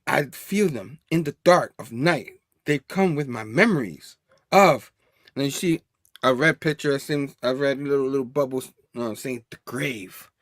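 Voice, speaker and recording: A man's voice: mid-range voice, unhurried, a bit bright, no room sound, clean studio sound. A man casually reviewing a comic book, reading the panel dialogue aloud in a loose, chatty way with frequent laughs.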